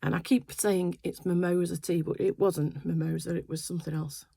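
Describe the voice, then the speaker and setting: A woman's voice: fairly low pitch, little pitch movement, moderate pace, vocal fry, mellow, slightly rough, no room sound. An older woman chatting casually in her sewing room, telling a rambling family story full of fillers. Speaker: quilting vlogger. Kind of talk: casual chat.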